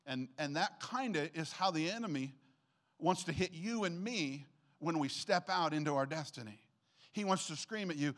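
An older male pastor preaches in a fairly high voice, animated and conversational. He keeps checking in with the room as he talks. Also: moderate pace. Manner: conversational and animated, often asks "okay?". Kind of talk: sermon. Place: church room with congregation.

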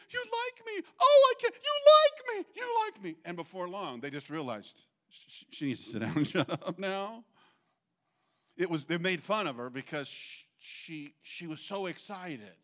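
A man's voice: mid-range voice, a bit bright. A middle-aged man preaching a sermon in a conversational way, full of restarts and acted-out quotes. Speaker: pastor.

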